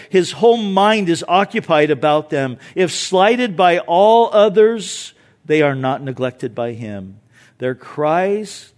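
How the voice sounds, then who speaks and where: Animated man preaching a sermon. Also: on the high side. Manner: animated, emphatic preaching with conversational asides; drops to soft, hushed tones for tender points. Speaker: pastor. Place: church sanctuary.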